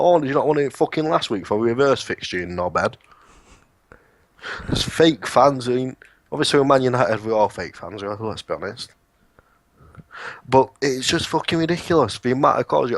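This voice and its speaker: A man's voice: medium pitch, lively intonation, brisk, no echo. An eighteen-year-old man co-hosting a casual podcast, swearing and joking as he rants about call-centre work. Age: young adult. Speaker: podcast co-host. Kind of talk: casual chat.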